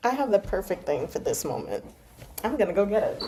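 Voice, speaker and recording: A woman reading a novel aloud live on her channel, breaking off into animated, self-deprecating reactions and dramatic exclamations. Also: medium pitch, brisk, background noise. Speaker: book reader and channel host.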